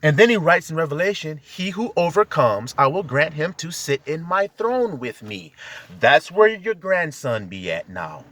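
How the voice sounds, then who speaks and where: A man's voice: a little high, big pitch swings, normal speed, fairly bright tone. A man giving an impassioned spiritual monologue from inside a car, exhorting his listeners with rhetorical questions. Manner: exhorting, fired-up, peppered with rhetorical questions to the audience. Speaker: self-styled preacher.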